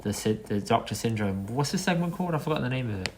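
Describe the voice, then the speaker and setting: A man's voice: medium pitch, expressive, fast, darkish tone, a little hiss or hum. A man co-hosting a podcast, joking and bantering in casual chat. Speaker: podcast co-host.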